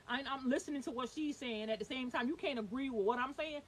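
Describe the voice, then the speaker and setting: A young woman vlogging about her own life, talking fast and emphatically and swearing when upset. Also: high-pitched, rough recording. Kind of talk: heated personal storytelling. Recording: faint hiss.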